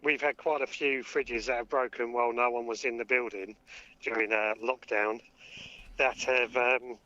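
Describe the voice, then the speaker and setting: A man's voice: medium pitch, fairly even intonation, moderate pace, pushed and bright, lo-fi sound. A man joining a casual chat, speaking in a dry, matter-of-fact way. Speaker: guest.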